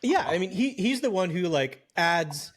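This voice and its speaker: A man's voice: high voice, big pitch swings, normal speed. A man co-hosting a horror film podcast, rambling in casual chat with lots of fillers and restarts. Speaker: podcast co-host.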